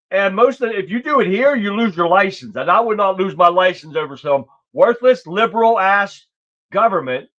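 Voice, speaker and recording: A man with a high, slightly bright voice hosts a political livestream show, offering casual political commentary that is blunt, rambling and profane. The stream audio is dull and lo-fi.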